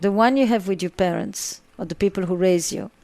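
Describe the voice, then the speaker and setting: A woman's voice: medium pitch, brisk, darkish tone, no room sound. Emphatic woman psychotherapist. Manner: emphatic, repeats phrases for effect. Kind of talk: interview answers.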